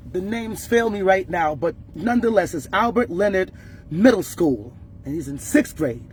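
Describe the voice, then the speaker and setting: A woman's voice: mid-range voice, animated, normal speed, a little mellow, slight background noise. A woman speaking as a mother in an emotional, urgent direct-to-camera appeal, distressed and rising in anger.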